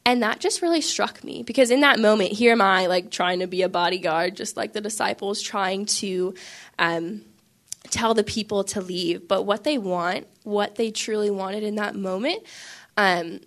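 A woman's voice: mid-range voice, normal speed, fairly bright tone. A young woman casually telling a faith story, chatty, with lots of filler words and frequent laughs. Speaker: Catholic speaker sharing a faith story.

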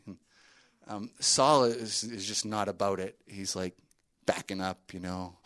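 A man's voice: lowish voice, a little slow, fairly bright tone. A man telling a story in a sermon to a group, conversational, with many fillers and asides.

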